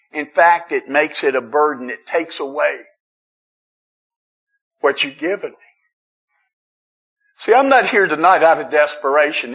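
Middle-aged man giving a testimony at a meeting; husky, slightly high, chatty, trips over his words. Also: fairly bright tone, poor audio. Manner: conversational storytelling with self-deprecating humor; frequent restarts and stammering. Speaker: recovery meeting speaker. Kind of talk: personal testimony talk. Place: meeting room.

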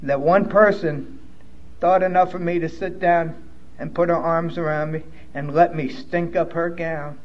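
A high-pitched man recounts his own story in a blunt, profane way that turns emotional. The recording is a little dull and lo-fi, like a modest room capture. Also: steady tone, measured pace. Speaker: speaker sharing his recovery story. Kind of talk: personal testimony storytelling.

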